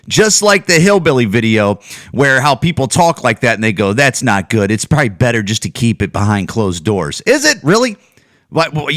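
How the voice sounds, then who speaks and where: A man's voice: fairly high pitch, fairly bright tone, no room sound, clean studio sound. A man hosting a podcast, ranting casually with lots of swearing and restarts. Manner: profane, rambling, many restarts. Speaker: podcast host. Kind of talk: casual rant.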